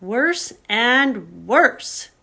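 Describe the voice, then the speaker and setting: A woman's voice: a little high, big pitch swings, very slow, creaky, bright, forceful tone, breathy edge, pitched above the performer's own voice, heavily acted. Homely anxious male beaver, grave and emphatic, storybook reading, voiced by a woman.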